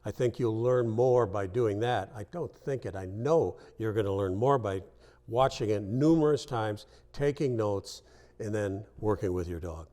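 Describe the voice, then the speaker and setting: A man's voice: on the low side, unhurried, mellow. A man introducing a dog training video clip and giving plain advice to viewers. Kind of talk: direct-to-camera introduction.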